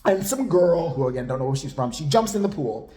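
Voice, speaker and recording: A woman vlogger casually recapping a reality show in an animated, gossipy way. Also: low-pitched, fairly quick. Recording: echoey room.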